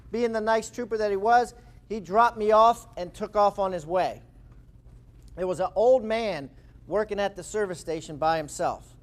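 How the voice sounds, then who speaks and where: A man in his fifties giving a motivational talk to a live audience, telling a story with lively, acted-out quotes. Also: sits high. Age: 50s. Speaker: speaker. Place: live presentation room.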